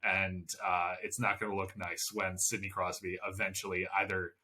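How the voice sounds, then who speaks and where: A man's voice: low-pitched, little pitch movement, pushed and bright. A young man co-hosting a casual sports podcast, chatting loosely and laughing often. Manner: laughs often, quick asides. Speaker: podcast co-host.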